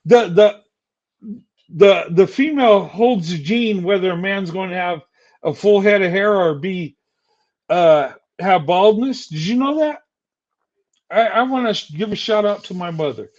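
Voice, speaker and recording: A man's voice: high-pitched, measured pace, lo-fi sound. An older man streaming a heated, insulting rant at a rival. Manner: angry, insulting, taunting.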